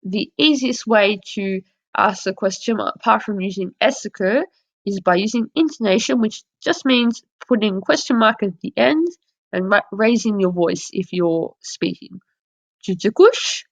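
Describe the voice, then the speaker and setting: Patient woman teacher, gravelly lo-fi voice. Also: medium pitch, moderate pace. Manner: clear, patient explaining with French examples. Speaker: French teacher. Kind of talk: classroom lesson over slides. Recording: dull lo-fi audio.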